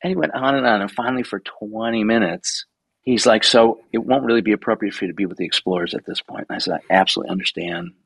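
A man in his sixties, a guest photographer telling stories in a casual interview, animated, swearing freely and acting out the people he quotes. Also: mid-range voice, fast talker, creaky, husky, no echo, low-quality recording. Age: 60s.

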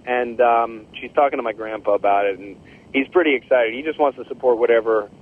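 A man's voice: medium pitch, close to an everyday voice. A man doing rambling Terrifying Tim on a tinny phone. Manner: rambling, halting, squeals at the end. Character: Terrifying Tim, a boastful young man leaving a phone message.

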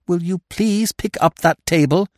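A man's voice: high voice, normal speed, no room sound, clean studio sound, voice pushed up, lightly acted. A man voicing a determined young woman who snaps her questions in a clipped way. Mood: impatient. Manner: clipped, snappish demands. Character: young woman, brisk, determined, sharp-tongued.

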